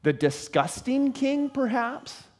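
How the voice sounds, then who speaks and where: Animated high-voiced male preacher. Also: slow. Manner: dramatic storyteller, acts out characters, swings from loud to hushed. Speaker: pastor. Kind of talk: sermon.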